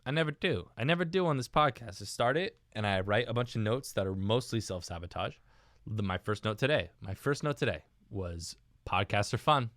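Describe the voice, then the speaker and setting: A man's voice: on the low side, animated, brisk, fairly bright tone, no echo, clean studio sound. A young man hosting his own podcast, rambling and joking at his own expense, calling listeners dude and man. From United States. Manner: rambling, self-mocking, says dude and man a lot. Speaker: podcast host. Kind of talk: casual solo podcast talk.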